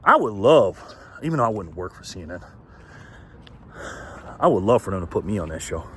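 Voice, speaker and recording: A man's voice: lowish voice, very animated, a little fast, slightly rough. A man from the United States hosting his own commentary channel, ranting bluntly with profanity and laughing often mid-sentence. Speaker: political commentary channel host. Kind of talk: casual ranting commentary vlog.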